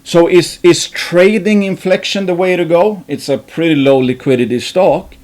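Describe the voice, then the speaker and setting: A man's voice: high-pitched, normal speed, darkish tone. A man hosting an investing channel, thinking aloud in a rambling way, with many restarts and fillers and some casual swearing.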